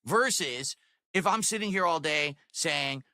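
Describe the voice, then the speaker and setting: Bright-toned ranting streamer man. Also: on the high side, lively intonation, unhurried, no room sound, studio quality. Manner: ranting, insulting, self-assured. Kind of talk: livestream rant.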